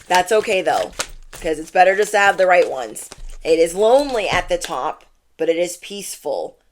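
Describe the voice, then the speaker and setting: A woman's voice: on the low side, lively intonation, moderate pace, a little hiss or hum. A woman giving a channeled tarot reading, talking casually and bluntly and repeating her points for emphasis. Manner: emphatic and repetitive, lots of "like". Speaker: tarot reader.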